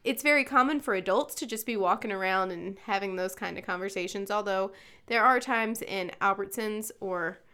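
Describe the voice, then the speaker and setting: A middle-aged woman co-hosting a radio show, telling stories in casual chat with lively laughing asides. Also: mid-range voice, moderate pace, clear, resonant tone. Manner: animated storytelling, laughing asides. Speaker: radio co-host.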